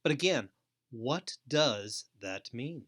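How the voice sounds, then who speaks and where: Middle-aged male host, mid pitch, unhurried measured delivery, emphatic. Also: lively intonation, fairly bright tone. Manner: slow, deliberate, emphatic delivery with pauses. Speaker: host and trainer. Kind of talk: scripted training webinar.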